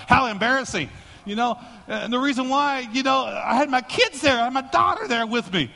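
A male pastor preaching a sermon and telling a joking, animated story to his congregation. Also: very high voice, moderate pace, creaky, in a large hall.

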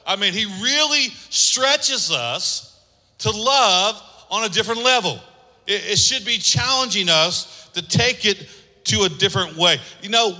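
A man preaching a sermon as pastor, energetic and calling for responses from the congregation. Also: sits high. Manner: energetic, calls for audience responses. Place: large church hall. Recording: long hall reverb.

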